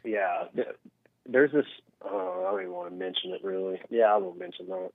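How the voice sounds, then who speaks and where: A man's voice: fairly low pitch, sing-song, a little fast, gravelly, dry recording. Guy calling in on a thin phone line, rambles, does little voices for people. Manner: rambling, acts out voices in his stories. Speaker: caller. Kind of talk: casual call-in chat.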